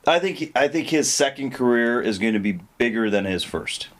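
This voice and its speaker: A man in a mid-range voice hosts a relaxed podcast, steering the chat with quick prompts and dry teasing remarks. His lines are short, nudging the stories along. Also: mid-range voice. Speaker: podcast host.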